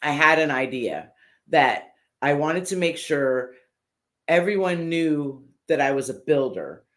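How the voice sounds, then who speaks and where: Older woman, interview guest, lively storyteller, acts out what others said, frequent "um" and "uh", casual and unpolished. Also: deep voice, unhurried. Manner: animated storyteller who acts out what others said, with many fillers. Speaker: guest, custom motorcycle builder.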